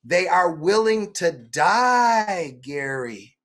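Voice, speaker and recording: Middle-aged male guest author; animated, restless storyteller with a slightly raised voice. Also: sits high. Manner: animated storytelling, many quick restarts. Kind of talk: political interview.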